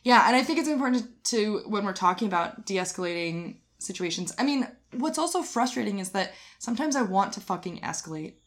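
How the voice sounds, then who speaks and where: A woman's voice: mid-range voice, animated, fairly quick, few pauses. A woman co-hosting a casual podcast, chatting frankly and swearing now and then. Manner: supportive listener, sprinkles in swearing. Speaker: podcast co-host. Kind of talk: casual chat.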